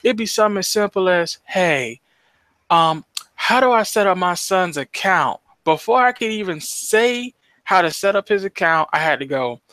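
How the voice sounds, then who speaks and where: A man's voice: high voice, normal speed, no room sound. A young man co-hosting a casual podcast, telling stories with lots of swearing and acting out the people he quotes. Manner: animated storytelling, heavy swearing, acts out quoted voices. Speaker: podcast co-host.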